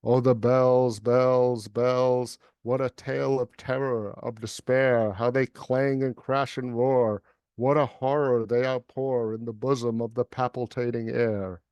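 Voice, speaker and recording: Poet reading on a video call, dark and dry tone, steady monotone. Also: male voice, mid-range voice, clean tone, no room sound, lo-fi sound. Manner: even, unhurried recitation with repeated words. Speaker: poet and guest reader. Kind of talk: poetry recitation and casual chat.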